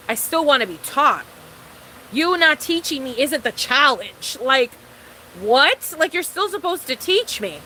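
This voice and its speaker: Bright, high-voiced exasperated young woman. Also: a little hiss or hum, poor audio. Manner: exasperated, incredulous, swears freely, laughs often. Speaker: vlogger. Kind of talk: casual storytime rant.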